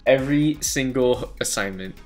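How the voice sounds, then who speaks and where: A young man in casual stream chat, rambling and joking as he acts out little bits of dialogue. His voice sits at an ordinary middle pitch. Faint music plays underneath. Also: normal speed, a little mellow.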